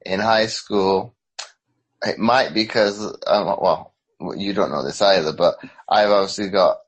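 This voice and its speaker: A man's voice: low voice, a little slow, husky, rough recording. A man hosting a podcast, with a hybrid British and American accent, talking hesitantly with sighs and restarts. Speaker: podcast host. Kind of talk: casual conversation.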